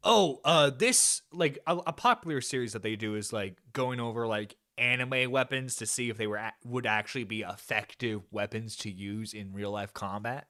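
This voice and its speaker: A man's voice: medium pitch, moderate pace, hardly any pauses, bright, forceful tone, dry recording, studio quality. A man hosting a live stream, reacting to a video with sarcastic, profane commentary and frequent laughter. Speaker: stream host.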